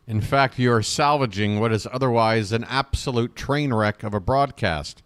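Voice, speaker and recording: A man's voice: moderate pace, hardly any pauses, smooth, dry recording. Chatty man calling a baseball game. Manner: chatty, thanks viewers warmly between pitches; gets emotional and jokey. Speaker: host of a fan play-by-play stream. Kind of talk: live fan play-by-play commentary.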